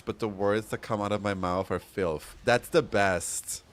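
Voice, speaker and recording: A man's voice: fairly low pitch, fairly even intonation, a little slow. A man streaming a game, chatting casually and giggling as he reacts to chat messages.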